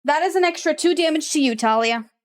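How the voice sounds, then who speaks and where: A woman running a tabletop game online, relaxed, chatty and quick to laugh. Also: sits high. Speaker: game master.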